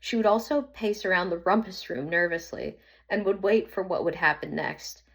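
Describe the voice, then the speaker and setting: A woman narrating a children's storybook in an earnest, slightly halting reading. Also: lowish voice.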